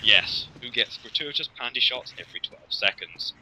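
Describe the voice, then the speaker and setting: A man's voice: medium pitch, animated, normal speed, creaky, bright, forceful tone, rough recording. A man hosting a casual let's-play, rambling and joking with plenty of ums. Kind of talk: casual gameplay commentary.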